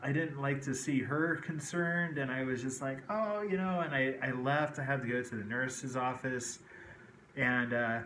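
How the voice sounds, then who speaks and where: A man talking casually to his viewers at a middle pitch, rambling from one thought to the next. The room sounds echoey, with a faint hum of ambience behind him. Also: fairly even intonation, a little slow, bright, forceful tone. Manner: rambling, frequent "okay" and "kinda like". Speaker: vlogger. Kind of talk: casual personal talk to camera. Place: indoors at home.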